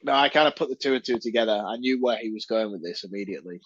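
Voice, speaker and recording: A man's voice: medium pitch, racing, fairly bright tone, breathy edge, no echo, lo-fi sound. A man co-hosting a podcast, chatting about a horror film and jumping into exaggerated, outraged quotes. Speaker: podcast co-host. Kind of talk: casual film review chat.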